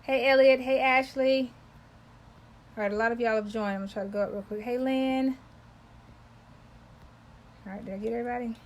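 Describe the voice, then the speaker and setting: An embroidery livestream host talks in a slightly high, fairly even voice, brisk but with long pauses. She loves chatting with viewers and greets them by name as she demonstrates her work. Slight background noise comes through a low-quality recording.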